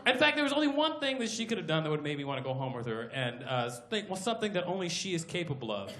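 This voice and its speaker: A man performing a stand-up comedy routine on a club stage, talking in excitable loud bursts and putting on voices for his characters. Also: on the high side, racing. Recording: roomy live club sound, crowd laughter.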